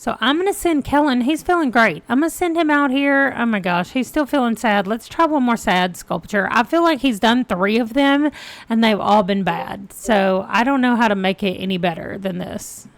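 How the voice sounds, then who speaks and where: A woman's voice: a little high, no room sound. A woman giving casual, chatty commentary on her gameplay and talking to the game characters. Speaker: gaming let's-play host.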